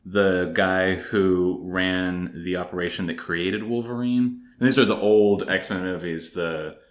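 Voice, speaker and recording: A man's voice: sits low, fairly even intonation, unhurried, roomy sound. A young man in casual chat, explaining facts and trivia to a friend.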